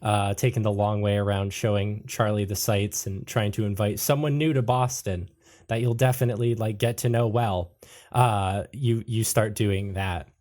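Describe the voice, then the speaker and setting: Male game master, halting narration, lots of ums. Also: lowish voice, fairly even intonation, a little mellow. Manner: hesitant, filler-heavy, laughing.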